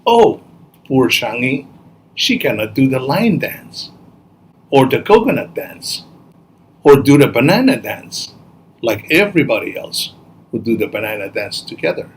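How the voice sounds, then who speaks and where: A man's voice: medium pitch, sing-song, a little slow, long pauses, a little hiss or hum, rough recording. A man voicing teasing village girls in a storybook tale, with a mocking sing-song manner. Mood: taunting.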